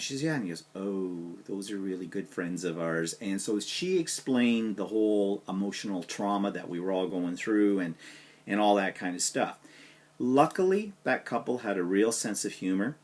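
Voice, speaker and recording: Lower-voiced man telling a story. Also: normal speed. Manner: animated anecdote with quoted dialogue. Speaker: vlogger. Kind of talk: casual storytelling vlog.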